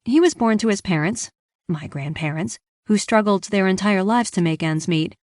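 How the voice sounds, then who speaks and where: A woman's voice: mid-range voice, normal speed, no echo, studio quality. A woman reading a first-person romance audiobook, telling the story evenly and giving the dialogue some lift. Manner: even, engaged storytelling with lively dialogue. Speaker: audiobook narrator.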